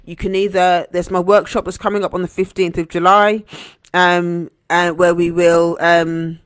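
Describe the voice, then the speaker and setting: A woman hosting a heartfelt motivational live stream as a coach, earnest and gentle, repeating phrases for emphasis. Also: lowish voice, little pitch movement, moderate pace, no room sound, studio quality. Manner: gentle, encouraging.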